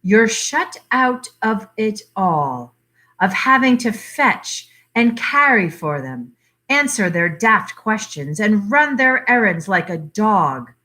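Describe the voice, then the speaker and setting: A woman doing a cunning old country aunt who speaks in a soft, knowing dialect, her voice swooping with secret amusement. She talks unhurriedly and brightly, as if sharing a long-kept joke. Storybook reading. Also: mid-range voice, big pitch swings, slow pace, full character voice. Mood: confiding. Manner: knowing, chuckling, broad dialect.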